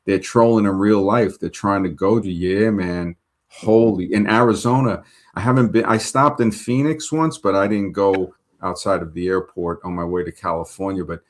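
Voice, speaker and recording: Male host, New York accent, deep voice, casual rambling livestream storyteller. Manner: rambling, animated anecdotes with many fillers. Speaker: show host reading viewer comments.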